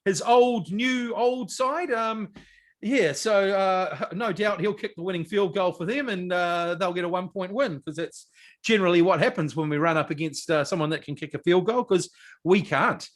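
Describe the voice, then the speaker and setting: High-voiced, animated New man. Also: moderate pace. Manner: animated, blunt, swears and laughs often. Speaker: podcast co-host. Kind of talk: casual sports chat.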